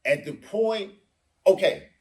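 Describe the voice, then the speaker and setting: A man's voice: high voice, lively intonation, slow, echoey room. A middle-aged man in a heated casual discussion, explaining himself emphatically and acting out what others said. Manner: emphatic, explains with acted-out quotes. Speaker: podcast host.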